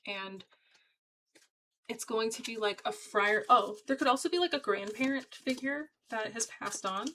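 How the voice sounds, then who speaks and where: A woman's voice: on the high side, unhurried, bright, forceful tone, low-quality recording. A woman giving a casual tarot reading to her viewers, talking in a chatty, emphatic and encouraging way. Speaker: tarot reader.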